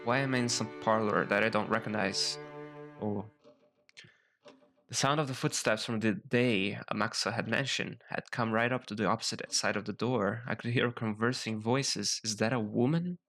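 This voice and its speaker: A man's voice: fairly low pitch, normal speed. A man reading aloud the inner voice of a frightened young woman trapped in a room. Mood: puzzled. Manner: first-person narration, growing panicked. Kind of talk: reading a visual novel aloud. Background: loud game music.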